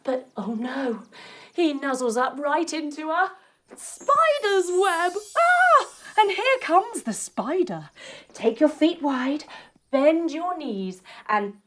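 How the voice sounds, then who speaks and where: Playful, expressive woman storyteller. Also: sits high, slow pace, slight background noise. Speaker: kids' yoga teacher. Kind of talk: storytelling yoga lesson for children.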